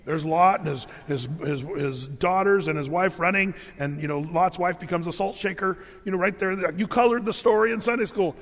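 A man preaching a sermon and reading scripture aloud, animated and humorous, briefly acting out the biblical figures in his own voice. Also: high-pitched, moderate pace, hardly any pauses, in a large hall. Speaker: pastor.

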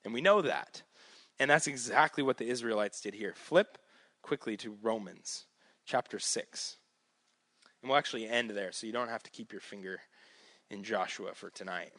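A man's voice: lowish voice, normal speed, sharp tone, no echo. A man preaching a sermon, reading scripture and then talking it through in a casual, conversational way with light laughs.

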